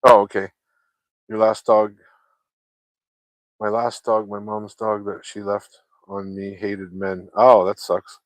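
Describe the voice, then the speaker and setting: A man with a fairly low voice talks loosely to his viewers, drifting from one story to the next and swearing often. The sound is dry and close, with no room around it. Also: completely flat delivery, takes it slowly, long pauses, dry recording. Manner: loose, chatty, swears freely, laughs often. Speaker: vlogger chatting with viewers. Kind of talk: casual rambling chat.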